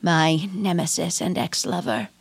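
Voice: mid-range voice, lively intonation, unhurried, husky. A woman with a mid-Atlantic accent voicing a vain old-Hollywood movie star mother, grand and theatrical, in an improv comedy scene.

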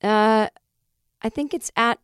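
Cranky, animated woman podcast host. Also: on the high side, slow, clean tone, no echo, clean studio sound. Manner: cranky, animated, swears freely while plugging shows. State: voice not fully recovered. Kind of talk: solo podcast monologue.

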